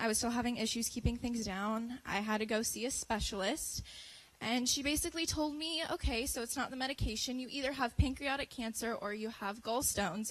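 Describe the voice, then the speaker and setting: Teen girl, high bright voice, earnest church testimony. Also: low-quality recording. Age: teens. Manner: earnest, building to impassioned. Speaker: youth speaker giving a testimony. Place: church service.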